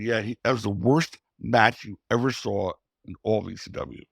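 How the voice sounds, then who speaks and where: A man's voice: on the low side, moderate pace, gravelly, slightly rough, dry recording, studio quality. A man telling stories in an interview, acting out the lines of people he quotes. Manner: animated storyteller, acts out quotes. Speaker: former wrestling promoter, interview guest. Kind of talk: storytelling interview.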